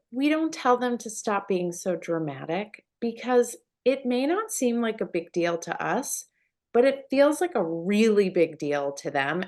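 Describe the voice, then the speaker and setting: A woman, a puberty educator, giving parenting advice in an animated, conversational way. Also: medium pitch. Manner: animated, acts out everyday scenes. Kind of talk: parenting talk.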